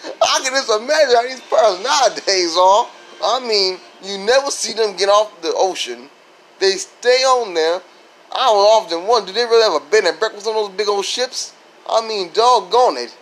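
A man's voice: high voice, normal speed, a bit bright, low-quality recording. A man from Florida doing a rambling stand-up style comedy monologue, with sudden voice jumps and silly sound effects.

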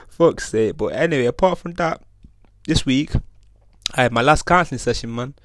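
A man's voice: medium pitch, lively intonation, unhurried, long pauses, fairly bright tone, dry recording. A young man with talking in a casual solo podcast, rambling and swearing a lot. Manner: rambling, swears a lot, keeps asking "you know what I'm saying". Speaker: podcast host. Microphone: own podcast mic.

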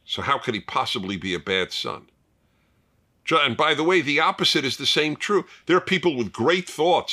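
A man's voice: on the high side, lively intonation, normal speed, pushed and bright. An older man hosting a fireside chat, talking emphatically and repeating points for stress. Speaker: host.

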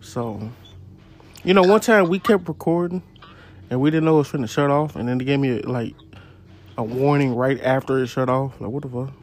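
A young man hosting a casual podcast, telling profane stories into a phone voice memo app and jumping up high when he quotes people. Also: moderate pace. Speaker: podcast host. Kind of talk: casual chat, storytelling.

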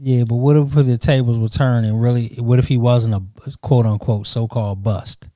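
A man co-hosting a casual chat, making counterpoints in a measured, argumentative way. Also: medium pitch, steady tone, dark tone, dry recording, clean studio sound. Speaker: podcast co-host.

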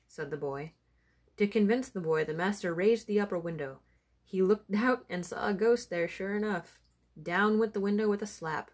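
A woman reading a folk tale aloud with a steady storytelling delivery. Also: medium pitch, normal speed.

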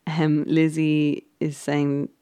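A woman's voice: deep voice, monotone, slow, warm tone, clean tone, no echo, clean studio sound. A woman casually recapping a baking show, chatty and giggly, with lots of ums and restarts.

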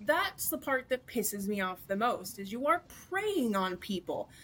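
High-voiced woman ranting angrily. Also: sing-song, measured pace, a bit bright. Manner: angry, profane ranting. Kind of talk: casual chat.

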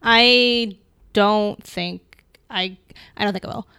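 Young woman, co-host, casual halting chat, many fillers, dry close sound. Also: medium pitch, fairly even intonation, creaky, bright, forceful tone, smooth, no echo. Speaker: podcast co-host.

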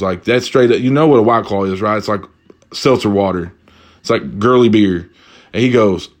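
Animated, swooping young man telling a story. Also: fairly quick. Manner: animated, profane, swoops between high exclamations and low asides. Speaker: vlogger. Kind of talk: casual comedic storytelling.

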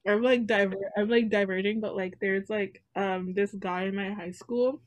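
A young woman co-hosting a podcast, telling animated, casual anecdotes with some swearing. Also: medium pitch, moderate pace. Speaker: podcast co-host. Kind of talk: casual storytelling chat.

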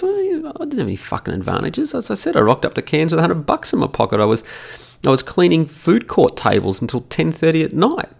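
A man's voice: a little high, huge pitch swings, fast, gravelly. A middle-aged Australian man hosting a solo podcast, ranting profanely in a mocking, emphatic way into a studio microphone. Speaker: podcast host.

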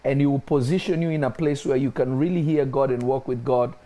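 A man's voice: steady tone, a little fast, dark tone. A man preaching in a spiritual discussion, emphatic and repeating his key points. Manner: emphatic, repeats key phrases, rises in pitch when stressing points.

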